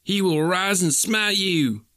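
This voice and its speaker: A man's voice: lowish voice, moderate pace, pushed and bright, clear, resonant tone, no room sound, clean studio sound. A man doing a nasal, preachy young suitor. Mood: fiery. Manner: preachy, smirking. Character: boastful young male suitor, sanctimonious.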